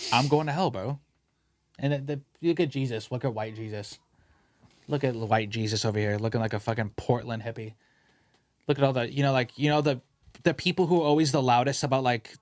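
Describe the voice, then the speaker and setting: A young man co-hosting a casual podcast, telling stories in an animated way with lots of slang and swearing, sometimes mimicking other people's voices. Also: medium pitch, no echo. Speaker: podcast co-host.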